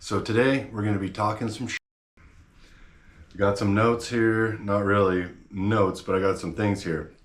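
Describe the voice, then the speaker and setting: Man, low voice, blunt slangy rant to camera, roomy echo. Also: steady tone, a little slow. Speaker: channel host.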